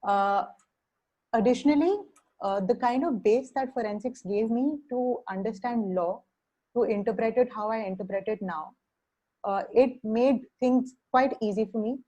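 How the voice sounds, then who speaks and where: A young woman with an Indian English accent speaks as a criminal justice social worker, pausing often with fillers and restarts over a video call. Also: mid-range voice, warm tone, low-quality recording. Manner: halting, many fillers and restarts. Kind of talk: webinar talk.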